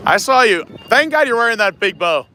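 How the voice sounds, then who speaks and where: Bright-voiced chatty man live-streaming outdoors. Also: high-pitched, sing-song, brisk, no echo. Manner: chatty, jokey, tour-guide asides. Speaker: live-stream vlog host. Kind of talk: casual chat while walking. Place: outdoors at a busy theme park.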